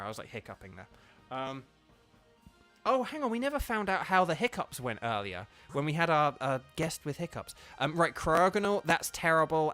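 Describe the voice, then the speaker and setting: Man, casual game stream commentary, chatty, filler-heavy, slightly high pitch, faint music behind. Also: smooth. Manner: chatty, lots of ums, excited bursts. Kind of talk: casual live gameplay commentary.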